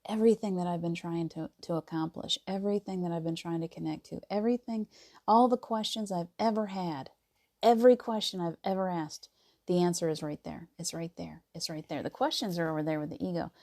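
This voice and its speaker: A woman talks casually about spiritual practice, her voice low and mellow. She laughs often and slips into hushed, near-whispered tones when she acts out inner voices. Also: fairly quick, gravelly. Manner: soft and gentle, drops to near whispers. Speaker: spiritual teacher.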